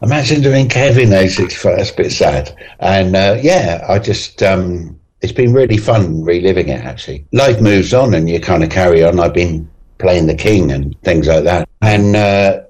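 Lively, low-voiced man in his sixties. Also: normal speed, few pauses. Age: 60s. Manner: chatty, laughs often, fond self-mocking anecdotes. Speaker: guest comedian. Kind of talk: radio interview chat.

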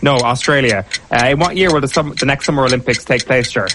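A man hosting a casual sports quiz, reading questions briskly and giving quick verdicts. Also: medium pitch, noisy background. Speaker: quiz host.

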